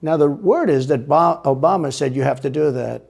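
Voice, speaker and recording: A man's voice: fairly high pitch, moderate pace, vocal fry, darkish tone. A man speaking as an interview guest, rambling and repeating himself with a boastful tone. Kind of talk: played interview clip.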